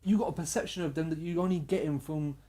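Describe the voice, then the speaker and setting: A man's voice: a little high, quick pace, warm tone, breathy edge. A man with a London accent, a podcast guest, talking bluntly in slangy, casual chat. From London, England.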